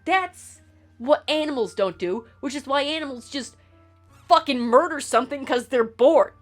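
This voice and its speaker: A woman's voice: high-pitched, moderate pace, soft background music. Blunt, swearing woman streamer ranting. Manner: rambling with repeated restarts. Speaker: gaming streamer. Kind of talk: casual commentary while playing a game.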